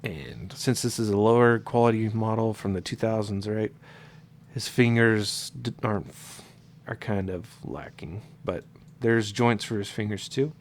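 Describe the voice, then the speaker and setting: This casual screen-recorded modding tutorial features a congested man whose lowish voice moves a little slowly. He guides viewers in a loose way, leaning on fillers and correcting himself as he goes.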